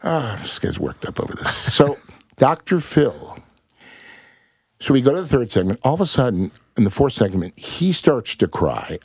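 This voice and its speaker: A male actor, a guest on a podcast, telling a story in an animated, profane and rambling way. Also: mid-range voice, normal speed, breathy edge, dry recording, clean studio sound.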